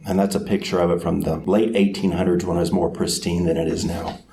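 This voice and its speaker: A man preaching a sermon who tells the story dramatically, sometimes acting out crowd voices with sudden shouts. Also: deep voice, level tone, fast, a little hiss or hum.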